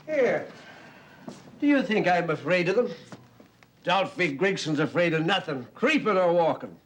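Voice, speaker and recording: A blustering drunk tenant. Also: male voice, high voice, slightly rough, heavily acted. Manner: blustering, swaggering, loud. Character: drunken boastful middle-aged Orangeman tenant. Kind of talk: stage play acting.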